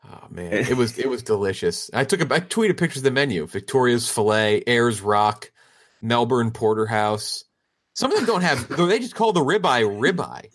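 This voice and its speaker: A man's voice: mid-range voice, very animated, a little fast, few pauses, a bit bright. A man co-hosting a podcast, telling stories in casual banter with frequent laughs. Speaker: podcast co-host.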